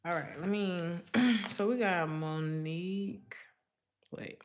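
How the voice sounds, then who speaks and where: Low-voiced, unhurried woman reading tarot. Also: a little hiss or hum. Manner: casual, chatty, calls the viewer honey. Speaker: tarot reader. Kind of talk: live-streamed tarot reading.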